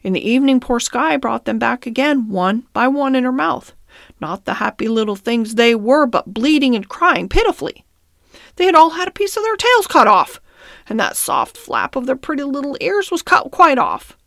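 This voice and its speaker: A woman's voice: high-pitched, big pitch swings, moderate pace, gravelly, a bit bright, no room sound, studio quality, voice pushed up, exaggerated voice. A woman voicing a fiery old male horse in a storybook reading, speaking indignantly. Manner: indignant, protesting.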